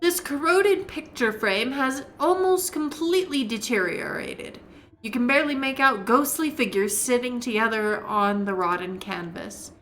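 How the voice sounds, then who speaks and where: A woman streaming a game live, relaxed and talking to herself as she plays. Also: a little high, moderate pace, a little hiss or hum.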